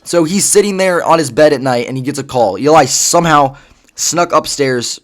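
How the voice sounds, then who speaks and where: A man's voice: on the high side, normal speed. A man casually retelling a story, rambling with lots of fillers and swearing. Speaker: vlogger.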